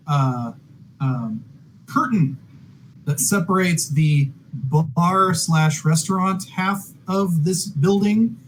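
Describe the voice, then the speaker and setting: A man narrating as dungeon master, halting and filling pauses with ums and restarts. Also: fairly high pitch, a little hiss or hum, low-quality recording. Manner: halting, many fillers and restarts. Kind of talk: narrating a tabletop game.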